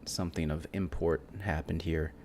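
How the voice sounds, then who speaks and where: A man playing a tabletop role-playing game, describing his character's actions and speaking in character in a hesitant, halting way. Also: sits low, fairly even intonation, darkish tone. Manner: hesitant, halting, with many fillers. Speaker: player.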